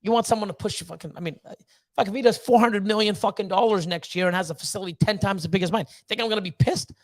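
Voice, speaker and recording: Man, high voice, blunt, swearing a lot, fired-up livestream rant. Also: fast talker. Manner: blunt, profane, fired-up motivational ranting. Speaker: snake breeder hosting a livestream.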